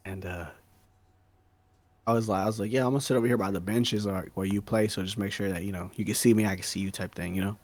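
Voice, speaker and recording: A man co-hosting a podcast, telling a story in casual chat, slangy and animated, with "bro" and "dog" peppering his talk. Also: fairly low pitch, quick pace. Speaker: podcast co-host.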